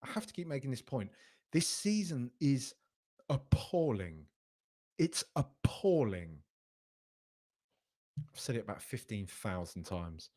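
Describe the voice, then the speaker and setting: A man's voice: mid-range voice, big pitch swings, slow, pauses often, dark tone. A young man hosts a loose, conversational football podcast and talks straight at his viewers. He argues emphatically, circles back to repeat his key phrases, and his voice rises when he insists something is true. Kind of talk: casual live-stream commentary reading chat.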